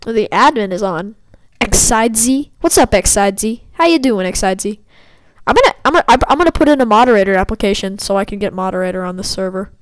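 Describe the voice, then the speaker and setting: A woman's voice: medium pitch, animated, a little fast, few pauses, clear, resonant tone, no room sound, rough recording. A woman giving casual gaming commentary as she plays, trash-talking her opponents playfully. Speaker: gameplay commentator.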